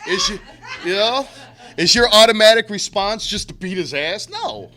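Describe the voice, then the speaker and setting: A man's voice: high-pitched, animated, normal speed, bright, forceful tone. A middle-aged man giving a blunt, profane talk to a recovery group, using street slang and acting out quotes. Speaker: recovery speaker.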